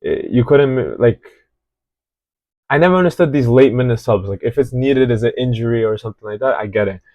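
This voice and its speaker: Man, mid pitch, casual football reaction host, rambling and hesitant, dry muffled home sound. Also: brisk, dry recording. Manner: rambling, hesitant, many fillers and restarts. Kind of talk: casual match analysis.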